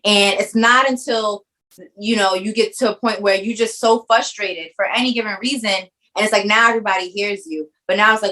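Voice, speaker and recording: A woman's voice: mid-range voice, steady tone, a little fast, bright, forceful tone, rough recording. A woman filmmaker answering interview questions in a thoughtful way, often restarting her phrases as she searches for words. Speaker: film writer-director, guest.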